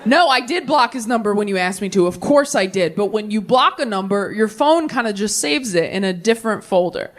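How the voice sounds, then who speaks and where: A woman in her thirties performing a stand-up comedy set, with fast, sarcastic delivery and big character voices. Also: mid-range voice, lively intonation, some chatter behind, slight background noise. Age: 30s.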